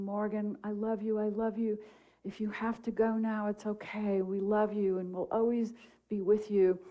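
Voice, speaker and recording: A woman's voice: medium pitch, dark tone. Earnest woman minister telling stories. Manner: earnest, heartfelt, chatty storytelling. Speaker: guest minister. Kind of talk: conversational sermon with personal stories. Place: church service.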